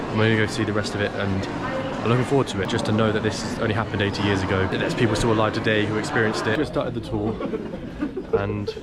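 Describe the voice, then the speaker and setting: Young male travel vlogger, lowish voice, loose and rambling, street noise behind. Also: steady tone, fast talker. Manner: rambling, chatty, loose filler-heavy talk. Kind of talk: casual vlog to camera. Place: outdoors walking a city.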